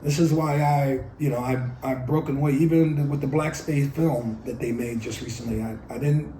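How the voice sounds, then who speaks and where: Older New Yorker, interviewee, blunt and cursing, mid-pitched voice, roomy recording. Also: male voice, steady tone, normal speed, warm tone, slight background noise. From New York City. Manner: blunt, profane storytelling. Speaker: oral history interviewee. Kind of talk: oral history storytelling.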